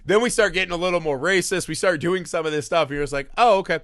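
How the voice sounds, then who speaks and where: A man co-hosts a casual movie review podcast, riffing loosely, acting out scenes in silly voices, and swearing often. His voice sits high with a fairly bright tone and a quick pace. The sound is clean studio audio with no echo.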